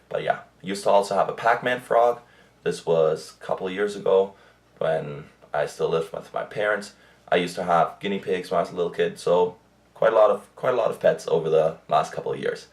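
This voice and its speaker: A young man from Germany with a very low, deep voice, chatting to camera about his pets. He rambles loosely, full of fillers and restarts. The delivery is relaxed and casual. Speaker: pet vlogger. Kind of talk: casual monthly update vlog.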